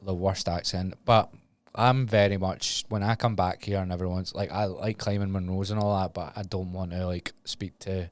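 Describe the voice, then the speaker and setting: A young Glaswegian man talking casually on a podcast with a very low voice. He tells stories chattily, teasing and laughing. The sound is close and dry. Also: steady tone, normal speed, few pauses, no echo. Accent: Glaswegian Scottish. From Scotland. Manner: chatty storyteller, swears and laughs. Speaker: podcast host. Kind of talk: casual chat.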